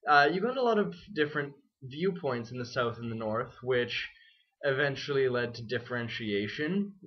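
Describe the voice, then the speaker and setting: A young male student vlogs casually in a wry, self-deprecating, rambling way, his mid-range voice lively in intonation at a moderate pace. The lo-fi webcam audio sounds dull.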